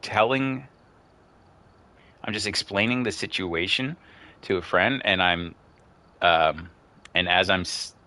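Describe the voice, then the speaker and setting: A man chatting casually over gameplay, telling a long story in a rambling, excitable way and getting worked up as he goes. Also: deep voice, slow pace, long pauses. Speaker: gaming streamer.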